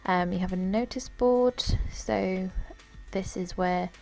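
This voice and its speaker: Tired woman with a gravelly voice. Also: mid-range voice, slow pace, a little mellow, soft background music. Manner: rambling, unsure, lots of fillers. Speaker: gamer. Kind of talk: casual game walkthrough commentary.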